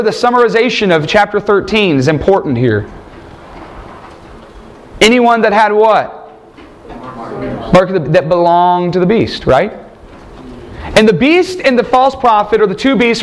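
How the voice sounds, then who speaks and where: A man's voice: sits high, slight background noise. A man teaching a Bible class, quizzing his students and joking between points. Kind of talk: classroom lecture with questions.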